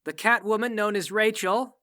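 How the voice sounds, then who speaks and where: A courteous soldier makes a formal request, as a man plays him in a tabletop game. His voice is bright and clear. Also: sits high, steady tone, moderate pace, voice pushed up. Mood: businesslike. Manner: deferential and businesslike. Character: polite male soldier escort.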